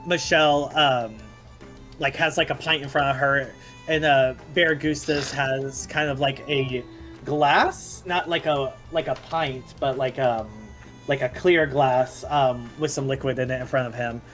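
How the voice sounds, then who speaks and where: A man's voice: mid-range voice, steady tone, a little slow, fairly bright tone, soft background music. A man narrating as dungeon master of a tabletop game, rambling with many fillers and laughing often.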